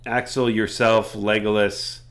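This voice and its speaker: A man's voice: on the low side, flat delivery, a little slow, a bit bright. A man narrating a tabletop game as game master, chatty with self-deprecating asides.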